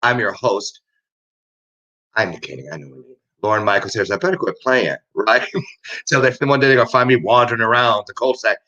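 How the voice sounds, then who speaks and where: A man's voice: on the low side, a little fast, sharp tone, muffled recording. A man in his fifties hosting a casual talk show, rambling and joking with frequent laughs. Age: over 50. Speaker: host. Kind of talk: casual chat show monologue.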